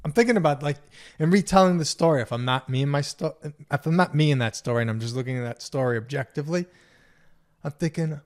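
A man's voice: a little high, fairly quick, darkish tone. A man co-hosting a podcast, telling stories in a rambling, casual way and laughing often. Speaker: podcast co-host. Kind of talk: casual chat.

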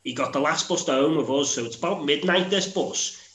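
A man's voice: fairly high pitch, normal speed, fairly bright tone. Man in an echoey room. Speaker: podcast co-host. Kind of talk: casual banter. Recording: roomy echo.

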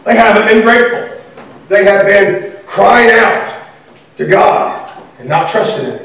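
A man preaching a sermon in a conversational, animated way, acting out the voices he quotes. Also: sits high, a little slow. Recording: echoey room from far off.

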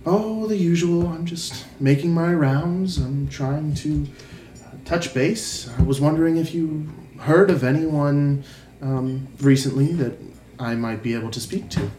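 Man voicing a calm half-elf woman. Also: fairly high pitch, a little slow, natural voice. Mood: relaxed. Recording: echoey room, faint noise.

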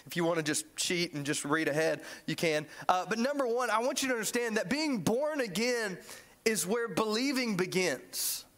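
Animated joking preacher. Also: male voice, sits high, moderate pace. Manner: animated, joking, acts out the characters. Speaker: pastor. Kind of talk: sermon.

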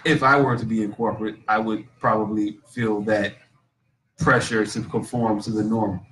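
A man's voice: lowish voice, steady tone, moderate pace, a bit bright, recorded from a distance, poor audio. A man, a guest comedian and actor, chatting casually on a podcast in a laid-back, slangy way, often repeating himself.

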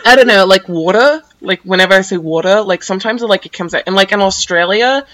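A woman's voice: medium pitch, fairly quick, fairly bright tone, poor audio. A teenage girl from San Diego, chatting as a podcast guest and rambling with lots of "like". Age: teens. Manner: rambling, says like constantly. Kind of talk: casual chat.

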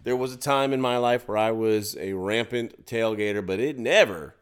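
A man's voice: on the low side, normal speed, clear, resonant tone. A man co-hosting a podcast, chatting casually about local events and tending to ramble and restart his sentences. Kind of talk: casual chat.

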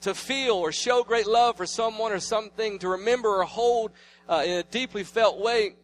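High-voiced preaching man, dynamic. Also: normal speed, slight background noise. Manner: storytelling, swings between loud preaching and hushed asides. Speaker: pastor. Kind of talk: sermon.

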